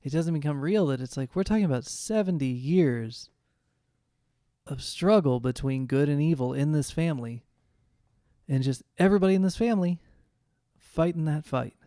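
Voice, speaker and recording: A man's voice: a little high, animated, normal speed, warm tone, dry recording, clean studio sound. A man co-hosting a casual film podcast, talking through his points step by step. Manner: thoughtful, builds points step by step. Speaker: podcast co-host.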